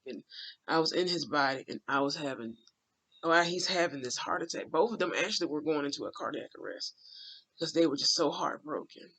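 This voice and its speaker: A man with a husky, bright voice tells a dream in loose, rambling talk. He speaks with raw emotion and plenty of fillers, and his pitch sits a little high for a man. Now and then he drops into a hushed aside. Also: lively intonation, brisk. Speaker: dream channeler. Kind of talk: casual spoken dream recounting.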